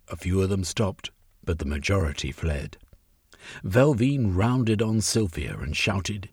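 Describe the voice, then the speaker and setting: A man narrating a story aloud in a measured, expressive reading. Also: sits low, slightly rough, no room sound, clean studio sound. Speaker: audiobook narrator.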